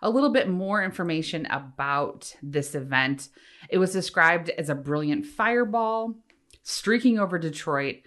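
A woman's voice: on the low side, lively intonation, moderate pace, fairly bright tone. A woman co-hosting a casual podcast, reading out facts and dropping wry asides. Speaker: podcast co-host.

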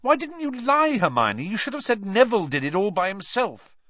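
Man putting on a squeaky hot-headed teen boy, high and fast, dull lo-fi audio. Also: big pitch swings, bright, forceful tone, no echo, full character voice. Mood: exasperated. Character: indignant teenage schoolboy, hot-tempered.

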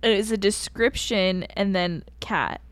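A woman's voice: medium pitch, measured pace, dry recording. A young woman co-hosting a podcast over a video call, talking casually with wry, self-deprecating humor. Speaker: podcast co-host.

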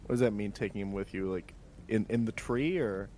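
A man's voice: on the low side, fairly quick, warm tone, slight background noise. A man playing a ship captain in a tabletop game, often stammering and restarting his words. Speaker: player voicing a ship captain. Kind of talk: tabletop role-play.

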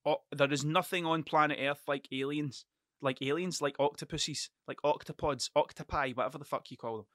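Scottish man, podcast host, casual storytelling, sweary, animated, forceful tone, dry close sound. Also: fairly high pitch, fairly quick, dry recording. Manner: sweary, animated, laughs often.

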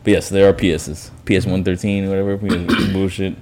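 A man's voice: sits low, flat delivery, normal speed, a little mellow, slight background noise. A man in his thirties from New York, chatting casually on a podcast in a laid-back, rambling way. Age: 30s. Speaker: podcast co-host, guest telling his story.

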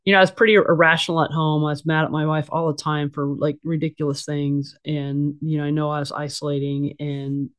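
A woman's voice: deep voice, level tone, brisk, hardly any pauses. A middle-aged woman talking candidly as an interview guest. She is blunt and casual, with frequent fillers and restarts. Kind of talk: candid conversational storytelling.

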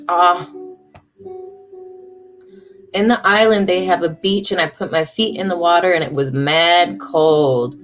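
A woman in her thirties hosting a livestream from home, chatting with viewers and reading her own writing aloud. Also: fairly low pitch. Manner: emotional, chatty, reads aloud warmly. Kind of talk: casual livestream chat and poetry reading.

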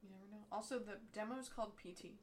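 A woman co-hosting a casual chat, making wry, dry remarks and chiming in with quick agreement. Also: mid-range voice, steady tone. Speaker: podcast co-host.

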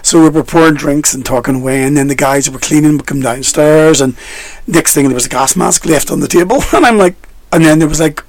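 A man's voice: fairly high pitch, no echo. A man hosting a casual, bawdy chat, giggling often and telling stories. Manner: giggly, storytelling, quick to laugh. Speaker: podcast host.

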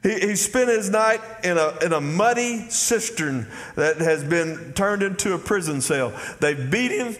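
A pastor preaches in a fairly high voice, folksy and direct with his congregation. His words ring out with a long hall reverb behind them. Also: expressive, a little slow, hardly any pauses, fairly bright tone. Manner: folksy preaching, calls out "y'all" and "Amen?" to the congregation. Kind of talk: sermon.

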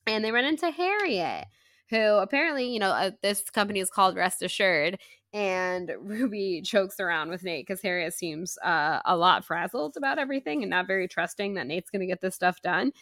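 A podcast co-host retells a book's chapters in casual book-club chat, giggling and chatty, with plenty of fillers. Her mid-range voice is a bit bright, with lively intonation and normal speed, recorded in clean studio sound without room tone.

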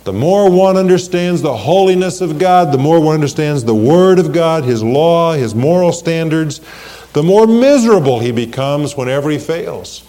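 A man preaching a sermon in a warm, mellow voice that sits a little high for a man. He speaks earnestly and slows down and rises when quoting scripture. The sound carries a long church-hall reverb. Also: lively intonation. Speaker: pastor.

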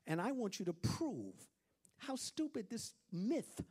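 A preacher doing a self-assured atheist patron who hands out orders slowly and deliberately. The voice stays close to the preacher's own. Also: male voice, sits high, big pitch swings, dark tone, slightly rough, full character voice. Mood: commanding. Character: confident atheist male patron, commanding.

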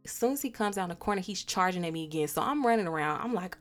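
Low-voiced woman telling a blunt story. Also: quick pace, hardly any pauses. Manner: candid, profane, animated retelling with quoted dialogue. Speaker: podcast host. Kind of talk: personal storytelling.

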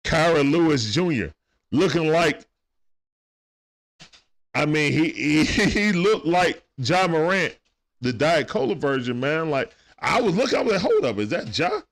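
Lively slangy man streaming play-by-play. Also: fairly high pitch, a little slow. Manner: lively, slangy, greets viewers by name. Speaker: live stream commentator. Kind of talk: casual play-by-play watch-along stream. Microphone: phone.

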